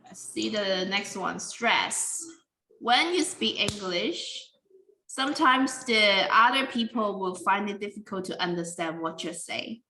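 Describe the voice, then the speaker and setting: A woman teaching English pronunciation in a careful, deliberate way, with simple non-native grammar. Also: mid-range voice, animated, pushed and bright, roomy sound, slight background noise, low-quality recording. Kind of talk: slow classroom explanation.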